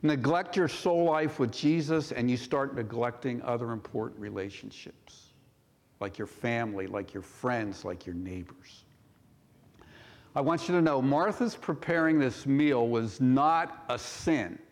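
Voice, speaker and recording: A male pastor preaching a sermon in a church, measured and full of rhetorical questions. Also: mid-range voice. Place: church sanctuary. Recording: long hall reverb.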